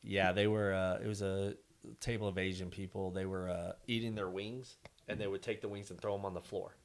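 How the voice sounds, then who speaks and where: Chill guy, kinda low voice, jokey podcast chat. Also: little pitch movement, a little fast. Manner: laid-back, joking, laughs often. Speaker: podcast guest. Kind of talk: casual chat.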